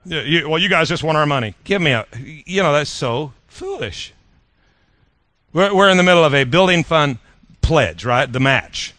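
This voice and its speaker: Bright-voiced pastor preaching, dry sound. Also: male voice, fairly high pitch, normal speed, no room sound. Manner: animated preaching with playful jabs, repeats words. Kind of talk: sermon.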